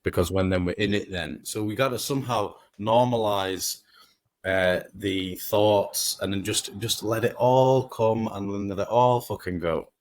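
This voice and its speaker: A man's voice: fairly low pitch, measured pace. A man, a podcast guest, talking casually and at length, swearing freely and acting out inner voices as he goes.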